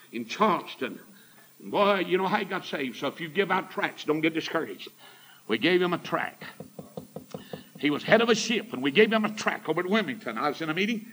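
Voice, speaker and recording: A man's voice: fairly high pitch, fairly bright tone, low-quality recording. A man preaching a sermon in a folksy, fervent storytelling manner.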